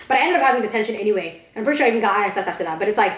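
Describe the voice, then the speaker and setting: A young woman co-hosts a casual podcast, telling blunt stories and swearing often. Her voice is medium-pitched, animated, and rapid-fire, with a roomy sound.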